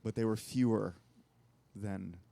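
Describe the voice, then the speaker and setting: A man's voice: fairly low pitch, takes it slowly, vocal fry, slight background noise. Rambling male talk show host. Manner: rambling, animated anecdotes. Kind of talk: casual storytelling chat.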